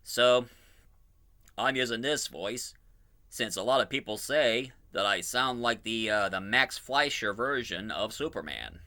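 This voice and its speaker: A man's voice: mid-range voice, lively intonation, unhurried, bright, forceful tone. A man hosting his own fan audio drama channel, chatting casually and enthusiastically about casting, rambling and correcting himself as he goes. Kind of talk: casual preview talk.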